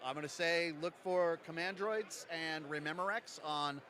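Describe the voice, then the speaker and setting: A man from Jersey City, a game designer, joking quickly through a casual convention interview. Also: a little high, sharp tone. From Jersey City, USA. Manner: jokey, quick, self-mocking. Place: convention lounge.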